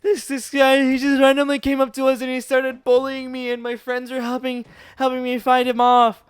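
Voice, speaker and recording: A man's voice: extremely high pitch, completely flat delivery, normal speed, smooth, no echo, studio quality, pitched above the performer's own voice. A man voicing his teary first-grade self, pleading in a raised, whiny voice.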